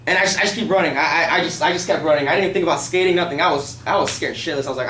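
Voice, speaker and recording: A man's voice: fairly high pitch, racing, a bit bright. A young man casually telling a personal story to a class, rambling and peppering his speech with "like" and profanity. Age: young adult. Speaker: student storyteller. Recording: echoey classroom, mic far off, faint hiss.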